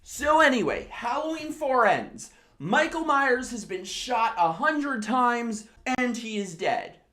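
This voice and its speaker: A tipsy woman hosting a drunk comedic movie recap, telling it in an animated way with lots of swearing and exclamations. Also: on the high side, slow pace. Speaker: host.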